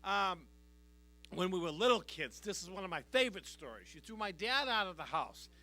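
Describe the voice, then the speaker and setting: A man's voice: sits high, animated, normal speed, bright, forceful tone. A middle-aged man doing a stand-up comedy routine on a live stage, working the crowd with a brash, punchy delivery. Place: live stage before an audience.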